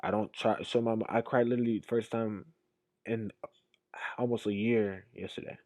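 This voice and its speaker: A young man streaming a casual reaction, talking emphatically and rambling, swinging from loud to quiet. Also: fairly low pitch, fairly even intonation, normal speed, dry recording.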